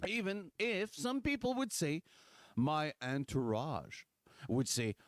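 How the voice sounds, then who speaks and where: A man, hosting a livestream in casual, animated political talk full of sarcasm and restarts. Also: a little high, slow, no room sound, clean studio sound. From Quebec, Canada. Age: 40s.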